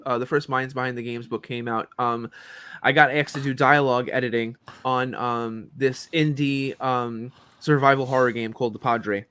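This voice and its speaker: A man's voice: medium pitch, clear, resonant tone. A man in his forties, a voice actor and professor, telling stories as a podcast guest with lots of ums and likes. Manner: animated storyteller, many fillers like um and like. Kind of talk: casual interview chat.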